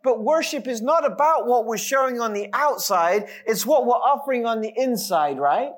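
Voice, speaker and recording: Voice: mid-range voice, animated, moderate pace. A pastor preaching a sermon, speaking emphatically with light, self-deprecating humor.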